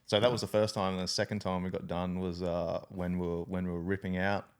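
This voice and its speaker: A man's voice: low-pitched, little pitch movement, fairly quick, clean tone. An Australian man and army veteran telling a story in casual podcast chat, profane and laughing often.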